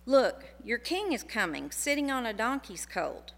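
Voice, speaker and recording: A woman reading a Bible passage aloud in church in a measured, formal way. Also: a little high, sing-song. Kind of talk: scripture reading. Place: church sanctuary. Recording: long hall reverb.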